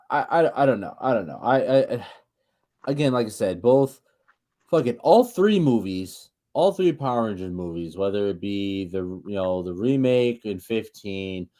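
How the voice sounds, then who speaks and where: A man co-hosting a casual podcast, rambling and profane, stumbling over repeated restarts as he rants. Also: fairly low pitch. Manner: animated, ranting. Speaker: podcast co-host.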